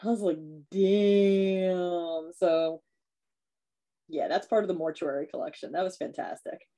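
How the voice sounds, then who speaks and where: A woman's voice: low voice, moderate pace, warm tone. A woman co-hosting a podcast, casually retelling a horror movie plot in a chatty way with lots of fillers and acted-out lines. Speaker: podcast co-host.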